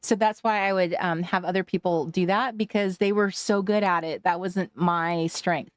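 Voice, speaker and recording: A woman's voice: fairly low pitch, fairly even intonation, normal speed, clean tone, dry recording, clean studio sound. A woman from Washington State hosting a casual craft livestream, chatting with viewers, laughing often and trailing off mid-sentence. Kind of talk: casual livestream chat reading viewer comments.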